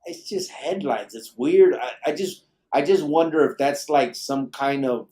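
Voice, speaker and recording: A man's voice: on the high side, lively intonation, a little slow, warm tone. A middle-aged man hosting a live late-night podcast, reading viewer comments in a laid-back, profane, joking way. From Arizona. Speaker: podcast host.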